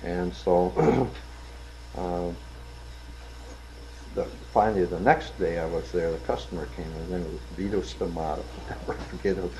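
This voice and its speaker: An older man with a lowish voice spins animated stories from his working years. He acts out each person he quotes and breaks into laughter at the punchlines. A faint ambient hiss sits under the recording. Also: normal speed, long pauses, low-quality recording. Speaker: interviewee telling stories. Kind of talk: casual storytelling.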